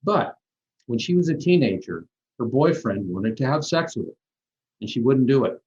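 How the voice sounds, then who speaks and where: A middle-aged man, a plastic surgeon, talking through patient stories in a relaxed, rambling interview with frequent restarts. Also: mid-range voice, moderate pace. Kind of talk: conversational interview storytelling. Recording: dull lo-fi audio.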